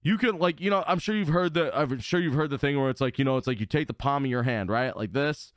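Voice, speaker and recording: A man's voice: mid-range voice, fast, dry recording, studio quality. A man co-hosting a casual podcast chat, joking around and often stumbling and repeating words. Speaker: podcast co-host.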